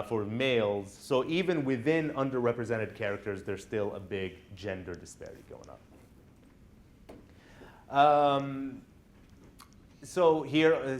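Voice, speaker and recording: A man lecturing college students in a classroom, telling personal stories in a conversational way and often checking in with the class. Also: mid-range voice.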